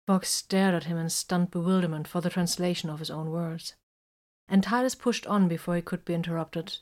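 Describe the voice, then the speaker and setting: A woman reading a story aloud in a calm, even storytelling manner. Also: on the low side, moderate pace. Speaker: reader.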